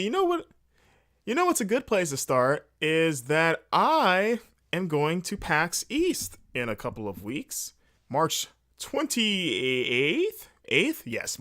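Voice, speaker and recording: A man hosting a solo podcast, rambling casually in a jokey, animated way late at night. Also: on the high side. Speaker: podcast host.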